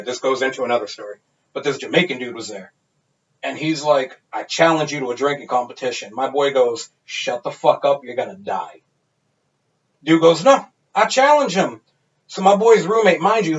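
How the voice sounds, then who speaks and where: A man in his thirties, a podcast co-host, telling a wild party story in a casual, animated and profane way. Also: mid-range voice. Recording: dull lo-fi sound.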